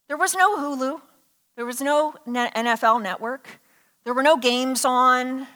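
A woman preacher giving an animated sermon, telling a story and asking the congregation questions. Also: sits high, moderate pace. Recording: hall reverb.

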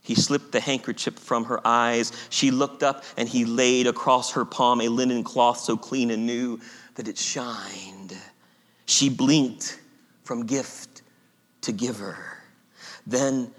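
A man giving an expressive, dramatic story reading, swinging from urgent and loud to hushed and slow. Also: medium pitch. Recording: long hall reverb.

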